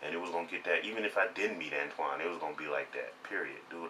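A man's voice: rumbling low, fast talker, few pauses. A man with a boastful, profane manner, ranting in a casual gaming vlog. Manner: boastful, profane, repeats himself. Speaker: gaming vlogger. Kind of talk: casual rant to camera. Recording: distant mic with steady background noise.

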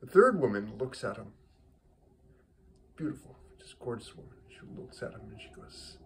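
A man's voice: mid-range voice, moderate pace. Rambling man telling a joke. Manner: rambling, repeats words and restarts. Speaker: joke teller, host of a weekly joke.

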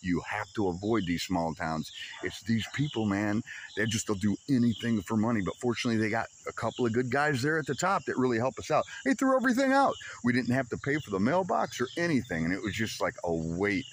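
On his homestead vlog, a man with a lowish, slightly fast voice casually recounts a frustrating story, swearing freely and animatedly acting out the back-and-forth exchanges. There is slight background noise.

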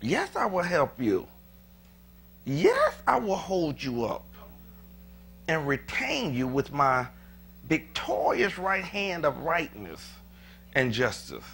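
A male pastor preaching a sermon to his church, moving from quiet scripture reading to fervent shouted declarations, with chatty asides to the congregation. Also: fairly high pitch, takes it slowly, creaky, pauses often, slight background noise. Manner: animated, conversational, with asides to the congregation. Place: church sanctuary.

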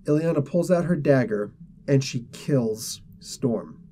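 A man's voice: mid-range voice, animated, takes it slowly, mellow, slight background noise. Rambling man retelling a comic. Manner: rambling, filler-heavy retelling. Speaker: comic book reviewer host. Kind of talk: casual comic book review.

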